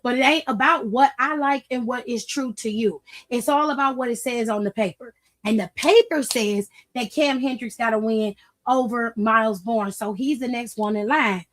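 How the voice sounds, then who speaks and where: A woman voicing a gruff male wrestling general manager, blunt and exasperated. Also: a little high, normal speed, a bit bright, close to an everyday voice.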